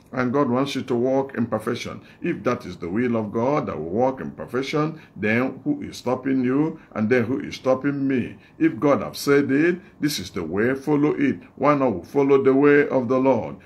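A male evangelist with a Nigerian English accent delivers a sermon in a mid-range voice. He drives his points home through repetition and rhetorical questions, pressing the listener with exhortations. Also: mid-range voice. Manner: repetitive, exhortative, call-and-response phrasing. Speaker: evangelist preacher.

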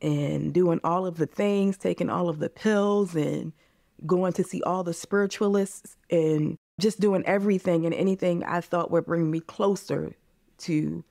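Podcast guest: woman, 30s, earnest and candid, gravelly edges, dry close mic. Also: deep voice, dark tone, no echo. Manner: earnest, emotional, repeats phrases. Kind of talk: candid interview.

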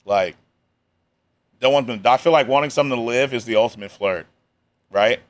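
A man streaming live, reacting to a video with relaxed, slang-heavy chatter. His voice sits at an ordinary pitch for a man, and his delivery stays loose and offhand, full of joking asides. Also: moderate pace.

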